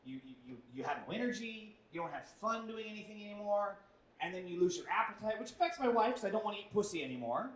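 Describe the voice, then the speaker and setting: A man's voice: high voice, expressive, fast talker. A young man doing a self-deprecating stand-up set on a club stage into a handheld mic, his delivery punchy and full of put-on voices. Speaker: stand-up comedian. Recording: echoey club from a distance.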